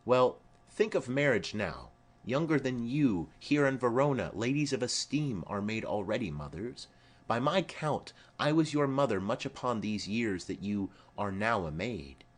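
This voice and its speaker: A man's voice: mid-range voice, sing-song. A man reading the part of a stately noblewoman speaking formally to her daughter in an audiobook of a play. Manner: formal, measured.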